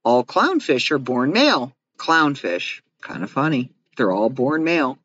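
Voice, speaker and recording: A woman's voice: very deep voice, sing-song, a little slow, a bit bright, breathy edge. A woman hosting a casual show, reading fun facts aloud, giggling and cracking jokes about each one. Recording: dull lo-fi sound.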